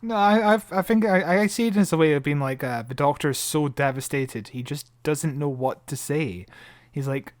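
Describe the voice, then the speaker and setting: A man co-hosting a podcast in casual chat, thoughtful and hesitant, often trailing off softly. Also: on the high side, normal speed, no room sound, studio quality. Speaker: podcast co-host.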